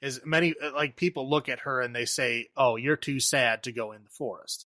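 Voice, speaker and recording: A man's voice: mid-range voice, moderate pace, bright, forceful tone, no room sound, studio quality. A man co-hosting a podcast, chatting casually and filling in plot details of a movie. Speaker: podcast co-host.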